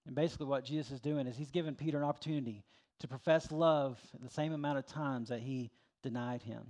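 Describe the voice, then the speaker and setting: A man's voice: medium pitch, quick pace, darkish tone. A middle-aged man preaching a sermon as pastor, in a folksy, conversational way with plenty of filler words.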